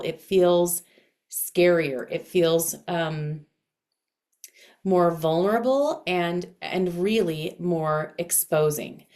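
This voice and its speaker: Unhurried woman with a dense, heavy voice. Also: fairly low pitch. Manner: expressive, with audible inflection. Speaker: astrology and voice coach. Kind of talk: casual teaching to camera.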